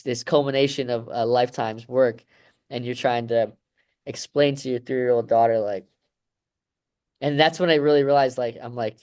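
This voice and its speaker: A man's voice: mid-range voice, a little mellow, clear, resonant tone. A man in his thirties answering interview questions in a reflective, emotional way, rambling with many fillers. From United States. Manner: emotional, rambling, heavy fillers like "you know" and "right". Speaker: guest, Olympic wrestler.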